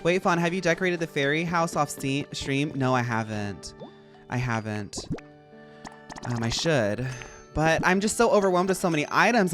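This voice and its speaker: Playful rambling streamer with a lively voice. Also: medium pitch, moderate pace, faint music behind. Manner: rambling, playful, jumps between topics. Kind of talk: casual gameplay stream chat.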